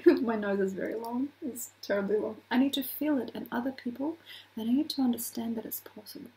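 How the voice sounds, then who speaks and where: A woman astrologer talking casually to her viewers, animated, acting out little quoted voices and laughing often. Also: fairly high pitch, normal speed, low-quality recording. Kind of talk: casual astrology talk to camera.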